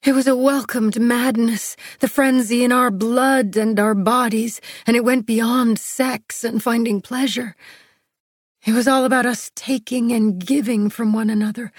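A woman narrating a first-person romance audiobook in a soft, breathy, intimate way, close to the mic. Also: fairly high pitch, dry recording.

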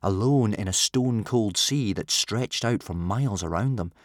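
A man narrating a children's adventure story with an expressive reading. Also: on the low side, normal speed, no echo, studio quality. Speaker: audiobook narrator.

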